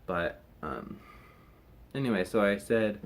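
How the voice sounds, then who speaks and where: A man's voice: on the low side, animated, slow pace. A young man chatting casually to camera in a rambling, hesitant way, full of fillers and restarts. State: recovering from wisdom teeth removal. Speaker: vlogger.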